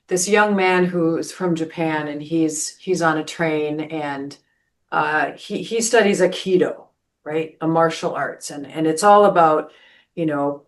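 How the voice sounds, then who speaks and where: A woman pastor who hosts a podcast and tells stories in an earnest, searching way. She often restarts her sentences and asks "right?" to check in with listeners. Her voice sits slightly low. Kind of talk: spiritual podcast talk, storytelling.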